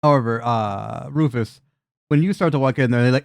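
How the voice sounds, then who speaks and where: Relaxed man running a tabletop game. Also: medium pitch, creaky, no echo, clean studio sound. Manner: loose, chatty narration with quick voiced asides. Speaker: dungeon master. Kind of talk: narrating a tabletop game over a call. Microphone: video call.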